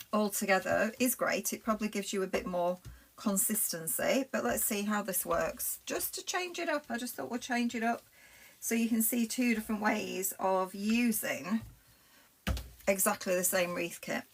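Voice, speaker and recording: A woman's voice: mid-range voice, moderate pace, gravelly, fairly bright tone. Chatty Lancashire woman demonstrating crafts. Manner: chatty, rambling, talks to viewers while working with her hands. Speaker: craft presenter. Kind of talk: live-streamed craft demonstration.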